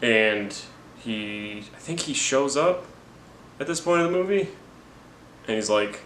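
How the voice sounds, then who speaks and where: A man's voice: medium pitch, expressive, unhurried, sharp tone, a little hiss or hum. A man giving a rambling, jokey, profane movie recap. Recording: roomy with faint ambience.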